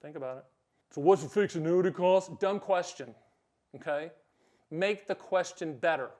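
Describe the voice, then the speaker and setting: A middle-aged man hosting a direct-to-camera explainer, blunt and emphatic with sudden loud bursts. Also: on the high side, moderate pace. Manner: acts out short quoted exchanges. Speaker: host.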